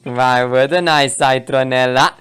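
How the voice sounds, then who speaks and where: A man doing a smug, low-key zombie robot. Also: steady tone, slow pace, fairly bright tone, clear, resonant tone. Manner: dry, teasing, low-key.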